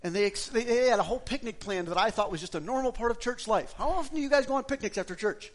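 A man from Wisconsin preaching a sermon, telling his own testimony with feeling, swinging between loud passages and hushed ones. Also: very high voice, fast. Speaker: pastor giving his testimony.

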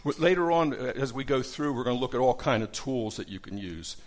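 A man's voice: mid-range voice, lively intonation, a little fast. A middle-aged man teaching a casual Bible study lesson, conversational, with many fillers and restarts.

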